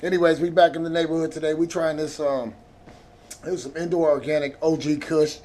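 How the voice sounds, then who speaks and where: A man's voice: on the high side, little pitch movement, a little fast, a little mellow. A man hosting his own vlog, telling a rambling, profane story in a laid-back way. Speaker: vlog host.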